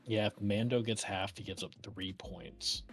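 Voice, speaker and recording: Low-voiced male co-commentator. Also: steady tone, unhurried, vocal fry, a bit bright. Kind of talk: casual stream commentary.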